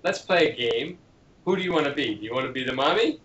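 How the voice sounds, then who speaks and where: A man answers interview questions about parenting and tells stories, slipping into playful acted voices for children and parents. His pitch is average. The sound is dull and lo-fi, in a roomy, echoey space. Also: fast talker. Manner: animated storyteller who acts out children's lines. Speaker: parenting author and guest.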